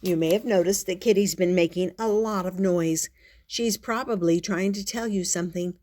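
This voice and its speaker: Her voice sits on the low side as she reads a kids' picture book aloud in the role of a storytelling grandmother. The older woman takes her time, reading expressively and slipping in playful asides.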